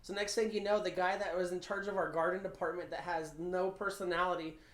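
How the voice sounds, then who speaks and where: A man's voice: high-pitched, little pitch movement, fairly quick, fairly bright tone, echoey room. A man co-hosting a podcast, chatting casually, laughing often and swearing freely. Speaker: podcast co-host. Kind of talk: casual chat.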